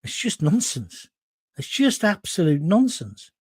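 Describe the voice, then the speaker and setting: A man's voice: high voice, very animated, unhurried, a little mellow, husky, dry recording, studio quality. A man hosting a live stream. He reads viewers' comments aloud and answers them in a blunt, emphatic, opinionated way, with some mild swearing, and he sounds hot and sweaty. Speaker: host of a live current-affairs stream.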